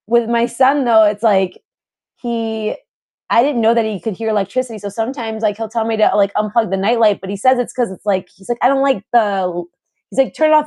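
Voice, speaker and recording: A woman's voice: fairly high pitch, warm tone. A young adult woman co-hosting a podcast in casual chat, talking in a rambling way full of fillers and restarts. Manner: rambling, filler-heavy, laughs often. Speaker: podcast co-host.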